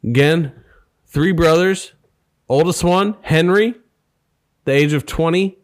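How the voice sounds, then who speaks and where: A man's voice: a little high, slow, no room sound, studio quality. A man co-hosting a casual podcast, chatting in joking, profane banter. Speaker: podcast co-host. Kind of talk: casual chat.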